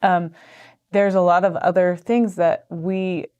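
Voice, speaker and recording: A woman's voice: lowish voice, level tone, takes it slowly, dark tone, clean tone, highs cut off. An American woman co-hosting a casual live stream, chatting and reading viewer comments aloud with frequent laughs. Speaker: co-host of a company live stream.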